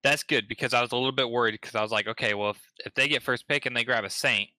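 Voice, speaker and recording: A man with a very bright, sharp voice talks casually about a game, rambling and joking. The sound is dry and close. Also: medium pitch, quick pace, no echo. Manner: rambling, joking, many fillers. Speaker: gaming podcast co-host. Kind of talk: casual chat.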